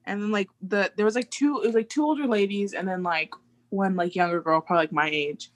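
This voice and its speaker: A woman's voice: medium pitch, fast. A young woman co-hosting a casual chat with friends, telling stories in a chatty way and saying "like" a lot. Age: young adult. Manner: chatty storyteller, heavy "like". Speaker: podcast co-host.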